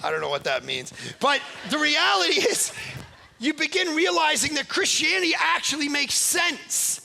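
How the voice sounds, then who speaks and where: A man preaching as a guest pastor, energetic and emphatic, keeping it conversational with frequent rhetorical "right?" checks. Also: very high voice, normal speed, vocal fry, big-room sound, a little hiss or hum. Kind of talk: sermon.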